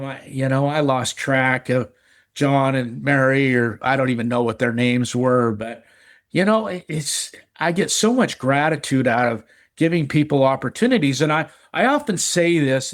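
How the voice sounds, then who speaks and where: A middle-aged man telling a personal recovery story in casual chat, earnest, often repeating words and restarting. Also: mid-range voice. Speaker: recovery podcast guest.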